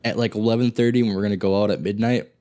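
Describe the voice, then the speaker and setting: A man's voice: lowish voice, fairly even intonation, very fast, dark tone. A man in his early twenties co-hosting a casual podcast, rambling with lots of "like" and "you know.". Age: 20s. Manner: rambling, filler-heavy. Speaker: podcast co-host. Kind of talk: casual chat.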